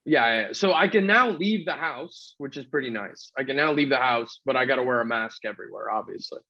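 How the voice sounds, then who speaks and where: A man's voice: mid-range voice, expressive, fairly quick, bright, forceful tone. A man from New City, sick with covid, telling a rambling, profane story as a comedy podcast host. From New York City. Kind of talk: casual storytelling chat. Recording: dull lo-fi sound.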